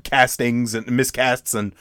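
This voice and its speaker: A man in casual chat about films, opinionated, often restarting his sentences and doing loud mocking impressions. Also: mid-range voice, little pitch movement, a little slow, smooth, no room sound, clean studio sound. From United States.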